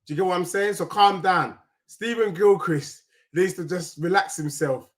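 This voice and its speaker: A man ranting heatedly about football in street slang, often shouting. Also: sits high, normal speed. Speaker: football fan channel host. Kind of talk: angry fan rant with sung parody.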